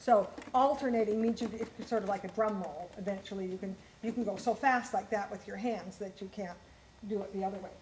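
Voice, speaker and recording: A woman's voice: mid-range voice, fairly quick, darkish tone, a little hiss or hum, rough recording. A woman piano teacher leading a workshop for other teachers, enthusiastic and counting rhythms aloud.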